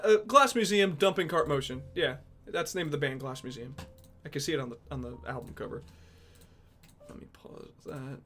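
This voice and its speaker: A man's voice: a little high, a bit bright. A young man streaming and reacting to obscure songs, rambling casually, thinking aloud and swearing often. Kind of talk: casual music reaction chat. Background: faint music from the songs he plays.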